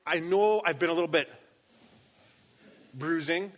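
A man's voice: fairly high pitch, a little slow, big-room sound. A male pastor preaching in a passionate, emphatic way. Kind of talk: sermon.

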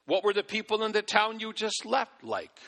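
A man voicing a calm, wise old man in a retold story, asking gentle questions, heard with a long hall reverb. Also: high voice, normal speed, creaky, pitched above the performer's own voice, full character voice.

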